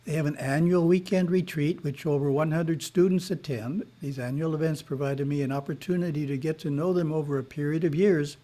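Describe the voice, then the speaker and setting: A man giving a spiritual lesson in a webinar, reading in a measured way with short asides, heard over a video call. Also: a little high, dark tone. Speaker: spiritual teacher.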